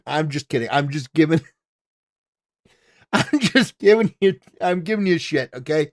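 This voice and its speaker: A man's voice: a little high, lively intonation, a little slow, long pauses. A man hosting a live stream, talking casually and ranting, with lots of "you know" fillers and swearing. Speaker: streamer host.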